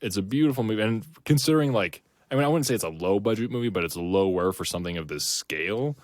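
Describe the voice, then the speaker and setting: In a dry, clean studio recording, a man with a lowish voice talks expressively at a quick pace. He's a podcast co-host in casual chat, rambling with lots of fillers and restarts.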